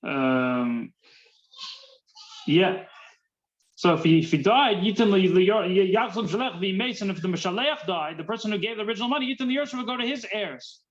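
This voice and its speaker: Male rabbi teaching a Talmud class; high-pitched voice, slightly muffled recording. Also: animated, moderate pace. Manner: mixes Hebrew-Yiddish terms into English, repeats words while thinking.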